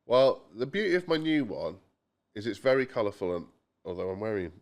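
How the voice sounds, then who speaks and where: A man's voice: fairly low pitch, big pitch swings, a little fast. A young man co-hosting a casual podcast, telling chatty anecdotes and quoting people in voices. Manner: chatty storyteller, quotes people in voices, mild swearing. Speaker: podcast co-host.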